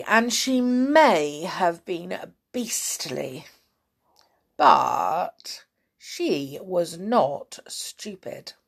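Reading a children's story aloud, this woman narrates with drama and expression. Her voice is medium-pitched with vocal fry.

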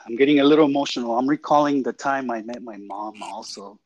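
A man's voice: mid-range voice, fast, a little mellow, muffled recording. A man hosting a podcast, chatting with his guest in an earnest, reflective way. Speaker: podcast host. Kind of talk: casual interview chat.

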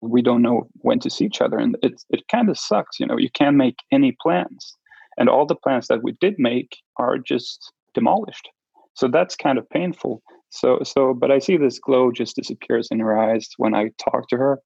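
Man, interview guest, gravelly voice, husky, halting delivery, dull lo-fi dry recording. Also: medium pitch, darkish tone, no room sound. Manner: halting, with many restarts and fillers. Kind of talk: personal storytelling interview.

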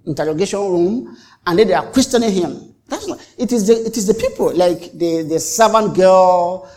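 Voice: mid-range voice, a little mellow. Dramatic preacher. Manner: dramatic, acts out the quoted exchanges; repeats and restarts phrases for emphasis. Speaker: pastor. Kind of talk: sermon.

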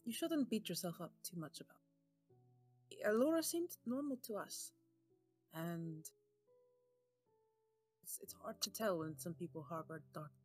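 A woman's voice: on the low side, animated, unhurried, long pauses, darkish tone, husky, soft background music. A woman player speaking in character, polite and reasoning. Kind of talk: in-character role-play.

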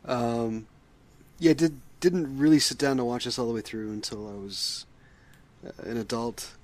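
A man's voice: mid-range voice, steady tone, normal speed, a little mellow. A man co-hosting a casual movie podcast, speaking hesitantly and restarting often. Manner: hesitant, lots of ums and restarts. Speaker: podcast co-host.

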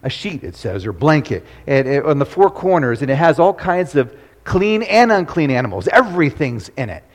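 A man's voice: on the high side, big pitch swings, normal speed. Man, Bible teacher, questions the room, repeats points, long hall echo. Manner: quizzes the listeners and repeats key points. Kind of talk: interactive Bible study teaching.

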